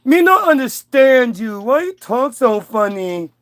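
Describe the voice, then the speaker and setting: A man voicing a slow-witted, naked first man who speaks in broken, simple phrases. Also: big pitch swings, dry recording, full character voice. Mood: dim-witted. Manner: broken, simple speech, higher voice. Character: dim, naked caveman-like Adam, slow-witted.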